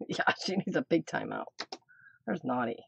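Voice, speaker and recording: A woman's voice: low voice, big pitch swings, slow pace, creaky, a little hiss or hum. A middle-aged woman chatting on a casual craft live stream, teasing her dog and laughing often. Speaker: craft channel host.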